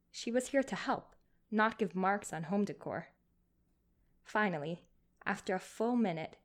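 Woman narrating a story at medium pitch.

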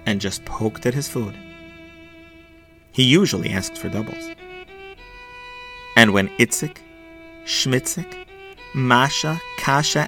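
A man narrating a children's story expressively, slowing and hushing for sad moments. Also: mid-range voice. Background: faint violin music.

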